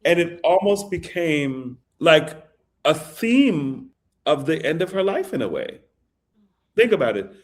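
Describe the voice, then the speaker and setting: A man, a songwriter, telling a story in an interview with animated delivery. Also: on the high side, takes it slowly. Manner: animated, recites lyrics softly. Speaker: songwriter guest.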